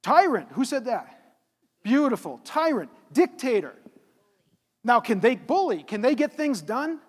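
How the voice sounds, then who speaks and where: High-voiced man keynote speaker, hall echo. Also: measured pace. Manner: animated, asks the audience questions. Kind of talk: live motivational keynote. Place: conference hall. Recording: reverberant hall.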